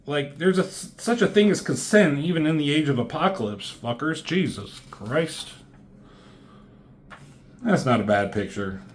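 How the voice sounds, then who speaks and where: A man giving a casual, rambling comic book review, swearing freely and filling pauses with "um". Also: fairly high pitch, lively intonation. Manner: rambling, profane, lots of fillers.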